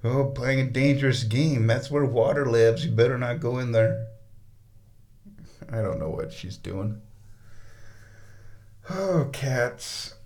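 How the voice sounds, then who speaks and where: A man in a bathtub, rambling casually and slipping into high baby-talk to his cat. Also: takes it slowly, pauses often, a little mellow, a little hiss or hum. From United States. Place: bathroom, sitting in a bathtub.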